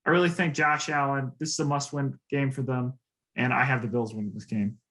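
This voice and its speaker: A man's voice: mid-range voice, steady tone, fairly quick, a bit bright, rough recording. Casual male co-host, mid-range voice, loose filler-heavy delivery. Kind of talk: casual sports picks chat.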